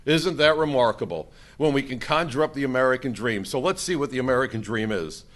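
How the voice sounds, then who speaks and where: A man's voice: mid-range voice, a little fast, fairly bright tone. An older man speaking to a conference audience, emphatic and fond of rhetorical questions. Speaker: conference speaker, former immigration agent. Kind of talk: conference speech to a live audience. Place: conference room.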